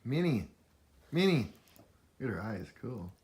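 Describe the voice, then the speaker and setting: A man's voice: medium pitch, sing-song, a little slow, a little mellow. A man making brief remarks from off camera during a home video.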